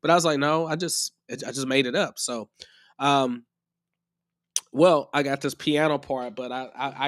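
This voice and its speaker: Heard in a dry, clean studio recording, a man's mid-range, fairly bright voice leads a live music-production tutorial. He's slightly unwell and rambles in a relaxed, talkative way, often starting sentences again.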